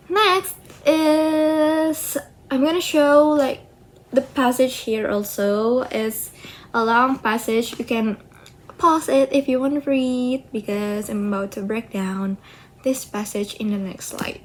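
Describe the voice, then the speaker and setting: Slow, halting young woman explaining stress. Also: a little high. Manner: halting, slow, restarts and self-corrections. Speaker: student presenting a project. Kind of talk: slide presentation explaining pronunciation.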